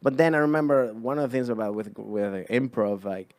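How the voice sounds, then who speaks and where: A man's voice: medium pitch, fairly even intonation, brisk, darkish tone, no echo. A young man from Venezuela, a comedian, chatting casually on a podcast and rambling with many restarts. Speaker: guest comedian.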